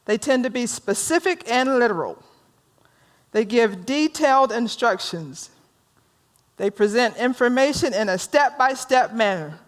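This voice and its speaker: A woman minister leads a workshop in a higher, slow-paced voice. She tells stories in an animated way and draws the audience in with questions and easy laughter. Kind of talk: storytelling workshop talk.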